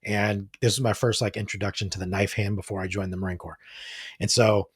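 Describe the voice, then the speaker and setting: A man in his forties with a husky voice tells a candid story as a podcast guest. He sits low in his range and talks earnestly, dropping "like" often. The recording is dry and close. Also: steady tone, fairly quick, dry recording. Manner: earnest, frank, frequent "like" fillers. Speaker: podcast guest, de-escalation trainer.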